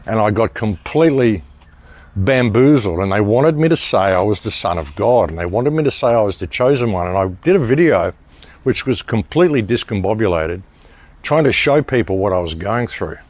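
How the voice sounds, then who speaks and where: A man with a fairly low voice delivers a casual monologue to his viewers. He talks in an emphatic, rambling way, restarting sentences and circling back on his points. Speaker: online commentator.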